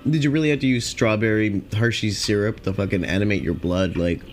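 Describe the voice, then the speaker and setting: A young man hosting a podcast, rambling casually and profanely with lots of filler, and high on cannabis. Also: a little fast, slight background noise. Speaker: podcast host.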